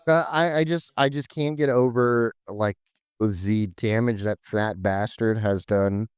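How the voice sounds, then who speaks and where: Rambling low-voiced man hosting a chat. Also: unhurried, clear, resonant tone, no room sound, clean studio sound. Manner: rambling, full of "like" and "um". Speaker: podcast host explaining game lore. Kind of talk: casual chat.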